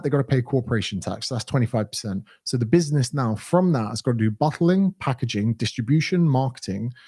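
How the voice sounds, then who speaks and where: Brief: English male fitness coach in his thirties, blunt and ranting, mellow low-toned voice. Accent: southern English. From England. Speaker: fitness coach answering viewer questions. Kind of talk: casual Q&A livestream.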